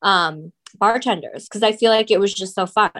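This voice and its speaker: A woman co-hosting a podcast, chatting casually with blunt, animated reactions. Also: mid-range voice, normal speed. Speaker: podcast co-host. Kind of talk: casual chat.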